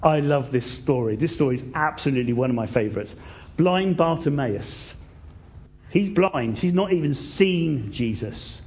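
Male preacher, storytelling sermon, fairly high-pitched voice, animated delivery. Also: moderate pace. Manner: animated, swings from loud to hushed.

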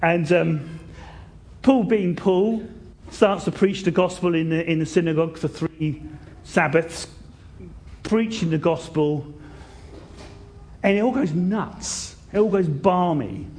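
A man preaching a sermon, telling a story in an animated way and swinging between loud bursts and hushed moments. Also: high voice, takes it slowly, pauses often, slight background noise.

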